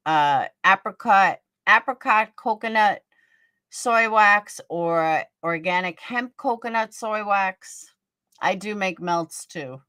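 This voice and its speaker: With a bright, forceful voice that sits on the low side, a woman runs a casual livestream in a dry, clean studio setting. She reads viewer comments, calls people by name, gossips, and doesn't hold back on blunt, profane talk.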